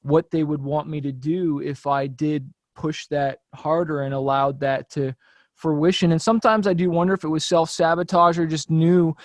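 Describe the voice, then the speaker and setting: A man, a musician guest on a podcast, telling a story in a relaxed, loose way, full of "like" and "you know". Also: fairly high pitch, no echo. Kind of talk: casual chat.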